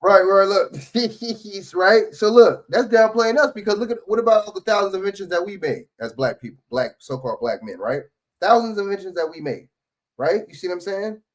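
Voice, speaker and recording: A man's voice: high voice, expressive, a little fast, low-quality recording. Frustrated man in casual commentary. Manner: repetitive, frustrated, lots of "you know what I'm saying". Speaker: co-host.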